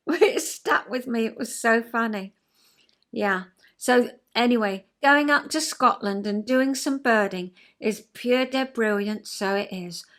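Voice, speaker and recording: A woman's voice: a little high, a bit bright. An older woman, a former counsellor, telling a rambling, self-deprecating story in casual vlog chat. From England.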